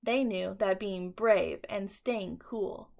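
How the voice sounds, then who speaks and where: A woman teacher reading a bedtime story aloud to children in an expressive, dramatic way. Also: medium pitch, takes it slowly, creaky.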